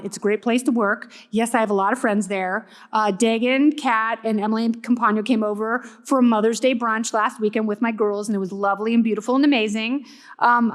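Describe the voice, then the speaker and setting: A middle-aged woman giving a joking, irreverent conference keynote on stage, tossing off quick asides to the audience. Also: on the high side. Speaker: keynote speaker. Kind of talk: comedic conference talk.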